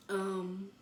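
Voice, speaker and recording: A young woman from the telling a personal story in a halting way, full of fillers, often sinking almost to a whisper. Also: mid-range voice, distant mic. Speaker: vlogger. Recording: echoey room with faint ambient noise.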